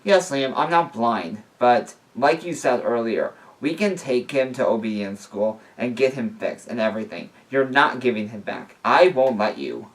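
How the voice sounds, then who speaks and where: A man's voice: medium pitch, moderate pace, hardly any pauses, far from the mic, close to an everyday voice, poor audio. A man reading a story aloud, voicing a tearful young man who pleads with his boyfriend in an emotional, whiny way. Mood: defiant.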